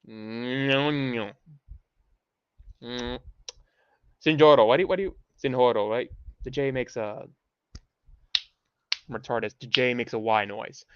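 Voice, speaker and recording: A man's voice: medium pitch, a little slow, long pauses, clear, resonant tone, dry recording. A man hosting a rambling livestream monologue in a profane, ranting way, full of restarts. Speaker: livestream host. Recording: dull, dry lo-fi sound.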